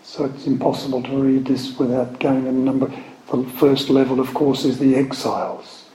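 A man teaching from the Bible, reading scripture aloud slowly with emphatic stress and explaining it. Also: medium pitch, level tone, dark tone. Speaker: preacher. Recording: echoey room, faint background noise.

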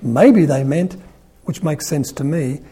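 An older man preaches in a loose, conversational way, joking and voicing the people in the story with lifted emphasis. His voice is husky and mellow, sitting a little high for a man. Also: takes it slowly. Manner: chatty and humorous, acts out quoted lines with rising emphasis. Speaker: priest. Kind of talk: informal sermon on the Gospel.

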